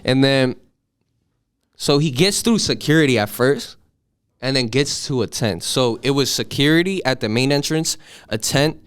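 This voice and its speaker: Animated eighteen-year-old man telling a story. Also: mid-range voice, normal speed, clean tone, no room sound, studio quality. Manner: animated, profane, acts out voices in his story. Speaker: podcast guest. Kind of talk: casual storytelling.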